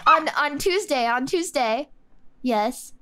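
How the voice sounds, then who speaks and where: Chatty young woman, higher voice. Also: slow, slight background noise. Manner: rambling, excitable, lots of fillers. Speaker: streamer. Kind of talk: casual chat.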